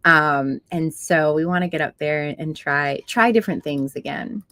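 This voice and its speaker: A woman's voice: deep voice, moderate pace, a little hiss or hum. Chatty woman reading live-stream comments. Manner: chatty, reads comments aloud and answers warmly. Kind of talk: casual chat reading viewer comments. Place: living room couch.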